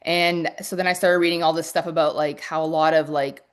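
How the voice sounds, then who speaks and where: A woman coaching her audience on a live stream, with a voice a touch lower than most women's. She speaks quickly and with lots of energy, often restarting her sentences mid-thought and tumbling forward into the next point. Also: clean tone. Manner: fast-talking, energetic; restarts and fillers. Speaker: business coach. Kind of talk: live-stream teaching talk.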